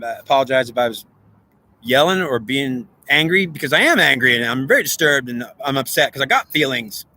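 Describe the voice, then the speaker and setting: A man's voice: mid-range voice, bright, forceful tone. A man delivering an emotional, pleading, repetitive monologue to the camera, agitated and upset. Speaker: vlogger.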